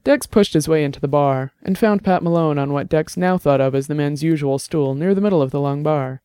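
A man reading a novel aloud in steady, scripted audiobook narration. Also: on the high side, fairly quick, smooth, dry recording, studio quality.

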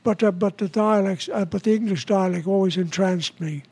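A man's voice: high-pitched, a little mellow, slightly rough, no echo. A man, a veteran performer telling stories in an interview with frequent restarts and chuckles. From New York City. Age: 90s. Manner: halting, chuckling storyteller with many restarts. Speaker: guest, veteran actor-comedian. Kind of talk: casual anecdotes in an interview. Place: his home.

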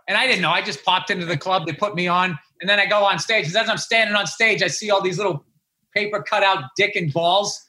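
A middle-aged comedian on a podcast, with a high voice for a man. His tone is very bright and cutting. He rants and spins stories with a lot of heat. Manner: ranting, worked-up storyteller. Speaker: guest comedian. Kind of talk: casual podcast chat.

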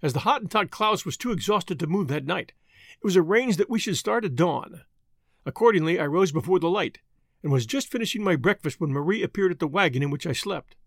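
Man narrating with a lively voice. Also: sits high, a little fast, no echo, clean studio sound. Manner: steady first-person storytelling. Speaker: audiobook narrator. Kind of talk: reading a novel aloud.

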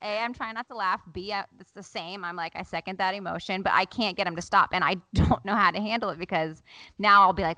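A woman co-hosting a casual chat among friends, candid and quick to swear and laugh. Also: mid-range voice, sharp tone, no echo, rough recording.

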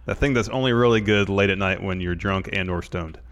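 A man's voice: deep voice, a bit bright, clean tone, dull audio. Easygoing man chatting on a podcast. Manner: easygoing, quick agreeing replies. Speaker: podcast co-host. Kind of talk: casual chat.

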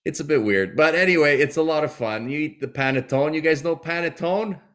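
A man, a comedian guest, chatting casually and telling animated stories with a lot of laughter. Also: on the high side, brisk. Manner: animated storytelling, laughing often. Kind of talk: casual chat.

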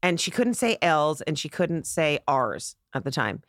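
A middle-aged woman, a comedian on a podcast, telling stories in an animated way and acting out the voices in them. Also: low-pitched, unhurried, no room sound, clean studio sound. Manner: animated storyteller, acts out voices. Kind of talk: casual storytelling chat.

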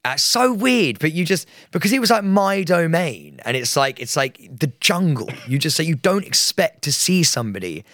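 A man's voice: fairly high pitch, normal speed, hardly any pauses, no echo. Chatty young man, dry close mic. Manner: rambling, animated storytelling with many fillers. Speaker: podcast co-host. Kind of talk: casual chat.

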